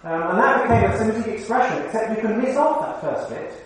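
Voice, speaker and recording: A man with a fairly high voice preaches a conversational sermon, turning to the congregation with questions. His voice rings through a very echoey hall, picked up from well away from the microphone, with faint room sound behind. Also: sing-song, fast talker. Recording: very echoey hall, mic far off.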